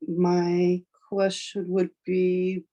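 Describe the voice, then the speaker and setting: A woman receiving a spiritual reading, speaking slowly and carefully. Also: fairly low pitch, monotone, warm tone.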